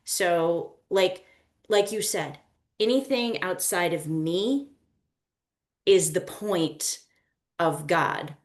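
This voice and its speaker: A woman co-hosting a podcast in casual chat, talking in a chatty, animated way with lots of "you know". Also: fairly low pitch, very slow, pauses often. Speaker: guest co-host.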